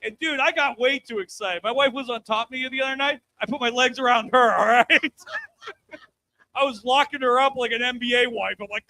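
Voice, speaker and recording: A man in his thirties doing a live stand-up comedy set, brash and loud, working the crowd and breaking into shouts. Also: very high-pitched, normal speed. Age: 30s. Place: comedy club stage.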